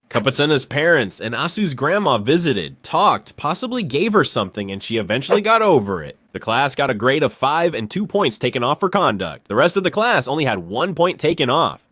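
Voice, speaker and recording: A man with a fairly high, very lively voice tells a comic story and slips into quick voices for the people in it. The sound is dry and close, with soft music underneath. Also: no room sound.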